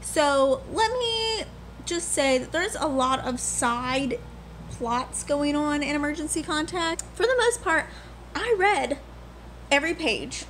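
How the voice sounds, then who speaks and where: A woman's voice: sits high, lively intonation, slow pace, fairly bright tone, a little hiss or hum. A young woman in her twenties chatting candidly and rambling as a book vlogger. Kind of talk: casual vlog chat.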